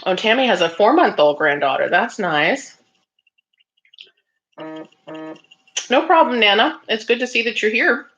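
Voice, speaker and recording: A woman's voice: mid-range voice, big pitch swings, measured pace, long pauses, a bit bright. A woman hosting a casual craft livestream, reading viewer comments aloud and chatting back with lots of ums and laughs. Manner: chatty, reads out viewer comments and answers them; frequent laughs and filler ums. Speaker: livestream host. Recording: slightly dull lo-fi sound.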